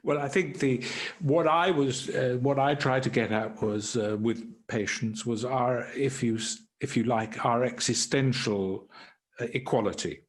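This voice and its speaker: British male guest, former prison doctor, middle-range voice, measured anecdotal delivery. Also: mid-range voice. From Britain. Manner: measured, wry storyteller. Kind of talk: anecdotal conversation.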